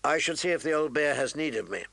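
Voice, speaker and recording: A man voicing a troubled young man of the watch, earnest and insistent, with a gravelly voice. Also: a little high, animated, fast talker, a bit bright, no room sound. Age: young adult.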